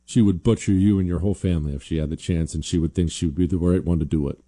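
Sarcastic talk radio host, dark voice. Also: male voice, steady tone, fast talker. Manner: sarcastic, mocking, swings loud and high. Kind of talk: political talk radio monologue and live ad read.

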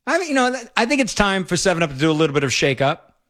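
A man's voice: high voice, big pitch swings, very fast, a bit bright. A middle-aged man hosting a talk radio show, rambling and sarcastic in an opinionated banter.

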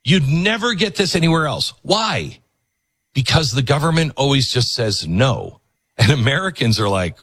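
A man's voice: medium pitch, sing-song, unhurried, fairly bright tone, husky. A man hosting a talk show, delivering an impassioned, preachy monologue to a studio audience. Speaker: host.

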